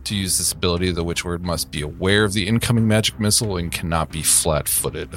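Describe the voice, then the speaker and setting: A man's voice: deep voice, quick pace, fairly bright tone, faint music behind. A man playing a tabletop game, reading out rules for his character. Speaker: player.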